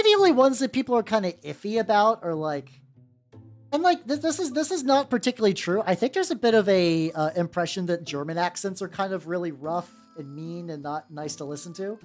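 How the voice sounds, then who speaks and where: A woman's voice: deep voice, a little mellow. A young woman from the United States chatting casually on a livestream while painting miniatures, rambling with many restarts, fillers and casual swearing. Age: young adult. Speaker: VTuber streamer painting miniatures. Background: faint background music.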